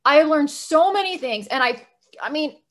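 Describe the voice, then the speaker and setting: A high-voiced woman co-hosting a casual podcast. She is blunt and emphatic, drops frequent swear words, and pushes her points hard. Her tone is bright and forceful. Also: lively intonation, normal speed. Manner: blunt, profane, emphatic ranting. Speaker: podcast co-host.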